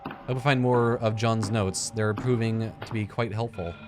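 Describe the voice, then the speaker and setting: Low-voiced man joking through a game. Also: fairly even intonation, normal speed, music in the background. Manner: joking, swears, thinks aloud. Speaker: let's play gamer. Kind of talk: casual gameplay commentary.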